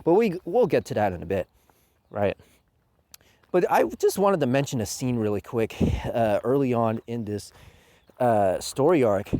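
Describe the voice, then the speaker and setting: A man giving a casual manga review, sarcastic and mocking with rough language. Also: medium pitch, dark tone, no room sound.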